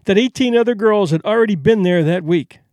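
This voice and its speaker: A man's voice: sits high, fairly quick, a little mellow, no echo. Man doing a nervous young woman, polite, offhand, lifted voice, dry sound. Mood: guarded. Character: nervous young woman hiding her aims.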